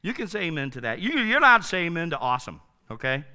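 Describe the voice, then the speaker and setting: A man preaching a sermon in a casual, enthusiastic, slangy way, swinging from loud to soft. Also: fairly high pitch, big pitch swings, quick pace, clean tone. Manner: enthusiastic, informal, slangy, dramatic swings in loudness. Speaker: pastor.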